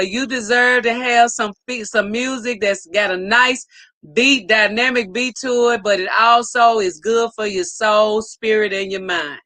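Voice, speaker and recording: A woman's voice: mid-range voice, bright, forceful tone, no echo. A woman hosting a casual live stream, reading viewer comments aloud in an upbeat, effusive way.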